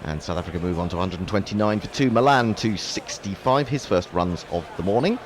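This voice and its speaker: A man's voice: sits low, animated, a little fast, a little hiss or hum. A man giving live ball-by-ball cricket commentary, wry and self-mocking between calls.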